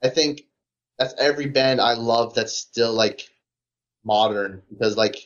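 Rambling excited man, dull audio. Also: medium pitch, measured pace. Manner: rambling, heavy use of "like", enthusiastic fan tone. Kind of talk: casual podcast chat.

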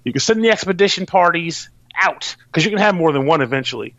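A man's voice: fairly high pitch, lively intonation, fast, a bit bright, dry recording, muffled recording. A man casually explaining how a game works, rambling, restarting, and swearing now and then. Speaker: podcast host reviewing a game.

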